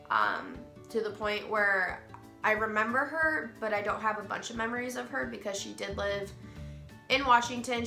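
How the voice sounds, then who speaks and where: With a stuffy nose from a cold, a young woman vlogs personal stories in a casual, meandering way, lots of ums and restarts included. Her mid-range voice is creaky yet bright and forceful. Expect a roomy echo and faint background music.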